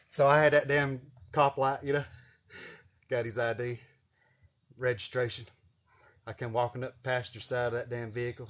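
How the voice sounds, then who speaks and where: Speaking quickly in a mid-range voice, this man swears freely as he spins casual, animated stories, performing other people's lines as he goes.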